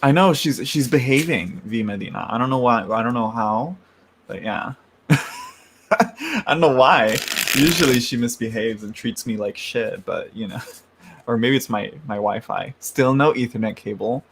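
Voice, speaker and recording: A man's voice: mid-range voice, moderate pace, slight background noise. A man hosting a casual tarot livestream, chatting in a rambling way, laughing often and greeting viewers by name, into a large microphone.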